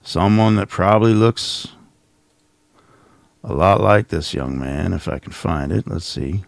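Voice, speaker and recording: A man's voice: low voice, expressive, measured pace, creaky, dry recording, clean studio sound. A middle-aged man hosting a casual livestream, rambling and sarcastic as he mocks someone from his home office. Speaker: channel host.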